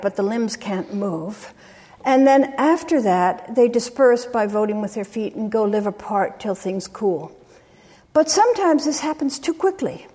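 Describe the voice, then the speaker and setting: Woman lecturing in a reverberant hall. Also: a little high. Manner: retells field stories, quoting people with lively inflection. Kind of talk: academic lecture with storytelling.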